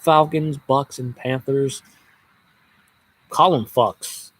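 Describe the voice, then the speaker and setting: A man's voice: mid-range voice, takes it slowly, pauses often. A man who vlogs as a sports fan, ranting in a casual, rambling way with a lot of swearing and jokes. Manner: profane, joking, rambling.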